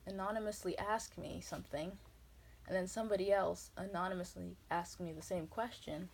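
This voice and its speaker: A woman's voice: medium pitch, fairly even intonation, moderate pace, creaky, a little hiss or hum. A woman from New England rambling through a casual vlog monologue, jumping from tangent to tangent and cutting herself off mid-thought. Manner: rambling, tangential, self-interrupting. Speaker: vlogger.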